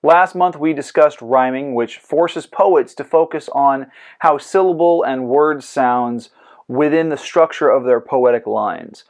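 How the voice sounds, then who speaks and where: A man with an average-pitched voice hosts a scripted lesson on poetry. He explains terms in a clear, measured lecturing tone. He lets playful jokes slip in between the definitions. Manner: clear lecturing with goofy comic asides. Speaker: host. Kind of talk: scripted educational podcast.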